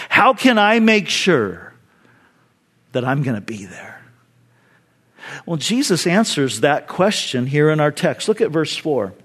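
A man's voice: sits high, a bit bright. A pastor preaching a sermon, emphatic and conversational, slipping into little acted-out voices for the people he quotes.

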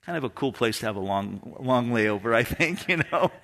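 A man's voice: medium pitch, moderate pace, vocal fry. A man pastor preaching a sermon and telling stories with laughter. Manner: storytelling, animated, laughs at his own stories.

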